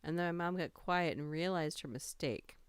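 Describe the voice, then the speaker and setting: Woman stream host, low-ish smooth voice, casual story reader. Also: normal speed, dry recording, studio quality. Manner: reads funny stories aloud, laughs and greets chat. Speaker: livestream host reading stories aloud. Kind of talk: casual livestream storytelling and chat.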